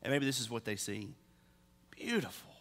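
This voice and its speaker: A man's voice: on the high side, expressive, brisk, bright, forceful tone. A middle-aged male pastor preaching a sermon in a church, telling stories with humor and animation. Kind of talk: sermon with storytelling. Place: church sanctuary. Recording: long reverb in a large hall.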